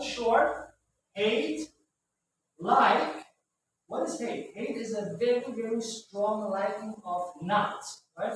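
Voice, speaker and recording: A male English teacher with a high voice, speaking slowly and patiently to his class. He keeps checking understanding with a questioning "right?". The sound is very echoey and distant, with faint background noise. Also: fairly bright tone. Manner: patient, repetitive, ends phrases with "right?". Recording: very echoey room, far from mic, faint noise.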